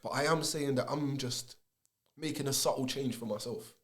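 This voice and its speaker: A man's voice: medium pitch, normal speed, fairly bright tone. A man in a casual podcast conversation, reasoning aloud earnestly in street slang. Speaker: podcast speaker.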